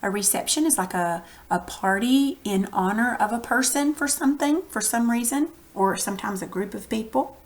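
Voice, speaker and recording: A woman's voice: on the high side, moderate pace, hardly any pauses. A woman with a Texan accent, teaching a reading lesson to young students in a conversational, explaining way. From Texas.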